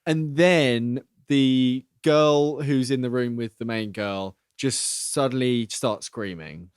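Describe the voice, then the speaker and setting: A man co-hosting a podcast, casually talking over a film plot with rambling restarts and an animated retelling. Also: mid-range voice, slow, smooth, no echo, studio quality. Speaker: podcast co-host.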